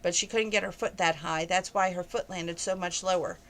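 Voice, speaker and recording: A woman's voice: on the low side, steady tone, moderate pace, fairly bright tone, low-quality recording. A woman reading a novel aloud, with frequent stumbles and self-corrections. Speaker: reader of a novel.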